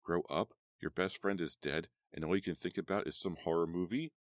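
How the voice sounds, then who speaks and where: A man voicing an upset teenage girl in an audiobook, with heated, sharp retorts. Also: low voice, fairly even intonation, a little fast, no room sound, clean studio sound, natural voice. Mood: angry. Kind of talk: audiobook character voice.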